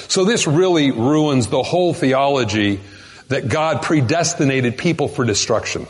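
A man preaching a sermon as pastor, emphatic, slowing down to stress key words. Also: fairly high pitch, expressive. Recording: long reverb of a large hall.

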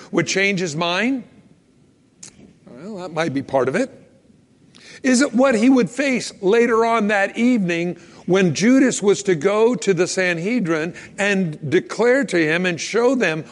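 A man preaching a sermon in a casual, animated way, acting out little scenes and quotes as he goes. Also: high-pitched. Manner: animated, conversational, acts out quotes. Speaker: pastor. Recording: long hall reverb.

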